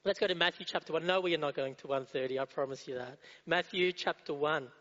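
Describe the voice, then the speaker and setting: A man's voice: fairly high pitch, quick pace, fairly bright tone. A male preacher giving a sermon, asking the congregation rhetorical questions and repeating key phrases. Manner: rhetorical questions, repetition, asks the audience. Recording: dull, muffled sound in a reverberant hall.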